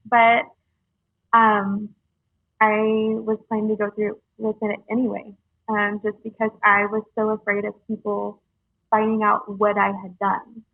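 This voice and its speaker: Young woman, gravelly and husky, halting earnest storytelling, phone-line sound. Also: medium pitch, monotone, no echo. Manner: halting, earnest, many fillers. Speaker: guest sharing her story. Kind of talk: casual storytelling.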